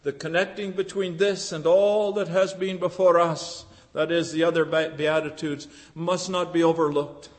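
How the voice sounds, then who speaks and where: Impassioned high-voiced male preacher in a hall. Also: little pitch movement, normal speed, few pauses. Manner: impassioned, swings from hushed to shouting. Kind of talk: sermon.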